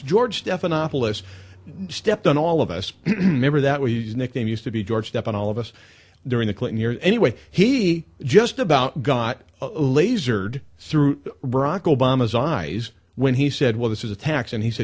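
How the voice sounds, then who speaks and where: A man hosting a live talk radio show, telling stories in an emphatic, animated way into a studio mic. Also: medium pitch.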